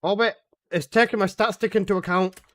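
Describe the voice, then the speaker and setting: Chatting to teammates during a live game stream, a young man rambles casually, full of sarcasm and swearing. His voice is high-pitched and fairly bright, fairly quick, with fairly even intonation.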